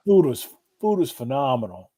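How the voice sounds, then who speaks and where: A man's voice: medium pitch, big pitch swings, moderate pace, dark tone, husky. A middle-aged man telling stories in casual chat, swearing freely and laughing often.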